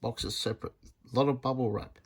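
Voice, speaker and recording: A man's voice: medium pitch, fairly even intonation, quick pace, slightly rough. A man, a repair technician chatting bluntly in a casual workshop vlog. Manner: blunt, chatty storyteller, retells arguments animatedly.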